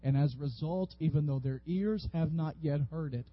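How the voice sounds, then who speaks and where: A man preaching a sermon as a pastor, lively and animated, sometimes acting out the people in the story. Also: fairly high pitch, normal speed. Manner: animated, acts out biblical figures with rising voice. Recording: dull, slightly lo-fi audio.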